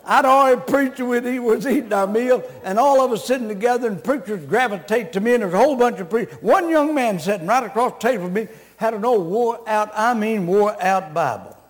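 A man's voice: high voice, a little fast, few pauses. A man preaching a revival sermon, blunt and scolding, joking with the congregation. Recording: long reverb of a large hall.

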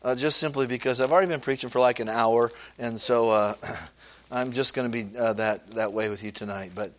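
A man's voice: medium pitch, fairly even intonation, brisk. Man preaching an evening sermon. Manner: conversational preaching, frequent rhetorical "okay?" and "amen?"; reads scripture aloud in old-fashioned wording. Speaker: pastor.

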